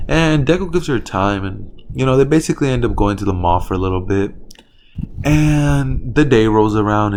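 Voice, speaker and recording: A young man of middle pitch tells a homemade fan story in a casual, offhand way. He rambles, stops to correct himself, and leans on fillers. A faint hiss sits under the voice. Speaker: channel host telling a fan story. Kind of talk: casual improvised fan-fiction narration.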